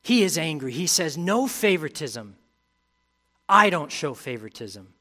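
A man delivers a sermon as pastor. He reads scripture aloud and builds in intensity. Then he drops to a quiet, reflective tone. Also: a little high, sing-song, a little slow.

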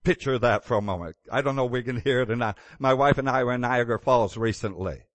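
A man's voice: mid-range voice, fast talker, no echo. A man preaching a sermon in a conversational way, with chuckles and restarts. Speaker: pastor.

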